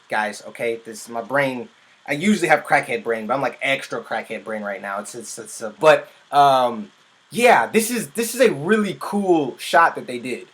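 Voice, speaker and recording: A man who works as a music producer, giving casual reaction commentary on a music video in an excitable, rambling way and often breaking off mid-sentence. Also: mid-range voice.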